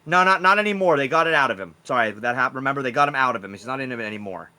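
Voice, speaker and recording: Bright-voiced male game master, rambling. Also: medium pitch, animated, rapid-fire. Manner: rambling with many fillers. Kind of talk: narrating a tabletop game.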